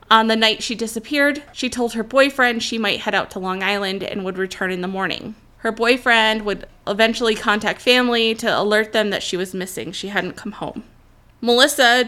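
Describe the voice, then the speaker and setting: A woman host walks listeners through a true crime case in a crisp, bright voice. She speaks earnestly, with her own feelings coming through in the telling. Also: mid-range voice. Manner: earnest, openly emotional commentary.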